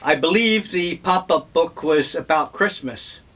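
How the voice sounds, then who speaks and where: An older man vlogging, telling memories in a slow, wry, meandering way. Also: fairly high pitch, expressive, fairly bright tone. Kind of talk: casual reminiscing monologue.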